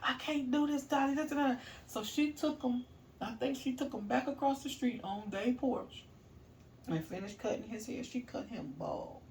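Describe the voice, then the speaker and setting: A middle-aged woman casually telling a story, animated, laughing and swearing as she goes. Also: fairly high pitch, normal speed, vocal fry, distant mic, slight background noise.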